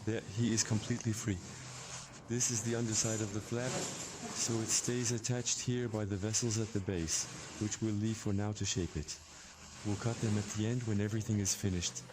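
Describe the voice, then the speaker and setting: A man, a surgeon, calmly explaining a procedure in technical terms as he works. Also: lowish voice, normal speed, background noise.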